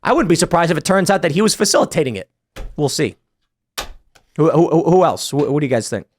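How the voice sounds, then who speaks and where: A man's voice: a little high, lively intonation, fast. Sarcastic man host reading the news. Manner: sarcastic, incredulous commentary. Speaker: show host. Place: podcast studio.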